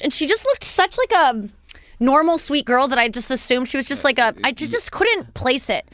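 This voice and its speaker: A woman's voice: fairly quick, no room sound, studio quality. A woman hosting a podcast, chatting casually and telling stories, acting out quoted people in a raised voice. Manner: animated storytelling, acts out quotes in a high voice. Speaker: podcast host. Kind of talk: casual chat.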